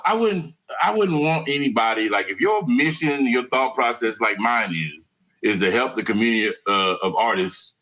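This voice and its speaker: A man's voice: fairly low pitch, sharp tone. A man who founded a radio network, talking as a podcast guest in a rambling way with many restarts. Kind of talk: casual interview chat.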